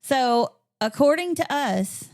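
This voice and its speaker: A woman co-hosting a music podcast in a relaxed, casual chat. Her voice sits a little on the high side, and she laughs often while arguing her picks with playful emphasis. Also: slow. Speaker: podcast co-host.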